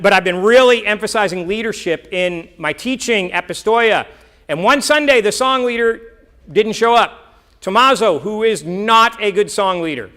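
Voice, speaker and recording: Earnest bright-voiced man giving a mission report. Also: high-pitched. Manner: earnest, rambling, with self-deprecating asides. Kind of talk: church mission report with slides.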